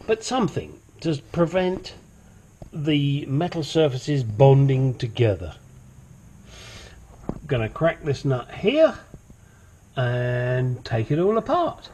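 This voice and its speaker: Narrating a casual how-to as he works on brakes and a control arm, this home mechanic host speaks at medium pitch with lively intonation, unhurried and a bit mellow. There's a little hiss or hum, and he wanders off topic, swears occasionally, and puts on a goofy accent at times.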